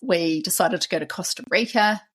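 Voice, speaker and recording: Husky-voiced woman telling her story. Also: on the low side, a little fast, a bit bright. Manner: casual, reflective, uses "like" and "actually" often. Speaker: podcast host. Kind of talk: personal storytelling podcast.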